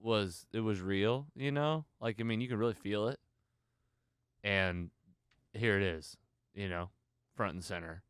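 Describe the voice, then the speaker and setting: A man hosting a podcast, retelling a film in a casual, animated way and acting out the lines. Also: fairly low pitch, a little slow, long pauses, smooth, dry recording, clean studio sound. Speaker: podcast host. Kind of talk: casual movie review chat.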